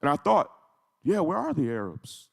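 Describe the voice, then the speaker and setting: Before a congregation in an echoey hall, a man tells a story in an emotional, intense speech whose emphasis rises as it goes. His fairly high voice is creaky and very animated, at a moderate pace.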